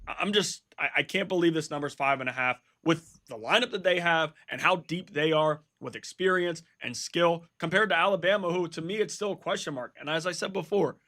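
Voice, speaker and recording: A man talks through a sports betting pick, stacking stats and player notes. His voice sits fairly high and sounds bright and forward. He gets insistent and repeats himself when he makes a point. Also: brisk, few pauses. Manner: earnest, stat-heavy, repeats himself when emphatic. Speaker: sports betting show host.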